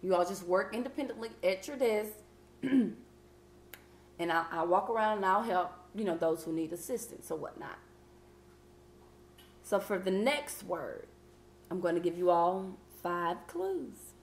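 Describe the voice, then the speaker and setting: A woman teaching a classroom vocabulary lesson, patient and encouraging as she reads each clue slowly. Her voice sits at an ordinary pitch and carries a roomy echo from the classroom. A faint hum runs underneath. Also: animated.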